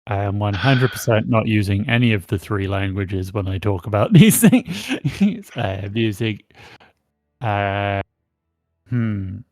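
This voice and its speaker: A man's voice: fairly low pitch, lively intonation, unhurried, darkish tone, no room sound, faint music behind. A man playing a tabletop game, talking casually and hesitantly. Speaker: player.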